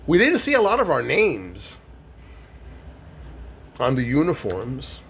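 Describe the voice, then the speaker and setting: A middle-aged man from New York speaks in an emotional personal monologue, unhurried and halting. His pitch swings widely, rising high when he is moved, and he repeats words as he gathers himself. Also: wildly swooping pitch, a bit bright, breathy edge. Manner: heartfelt, halting, with many pauses and repeated words. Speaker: vlogger.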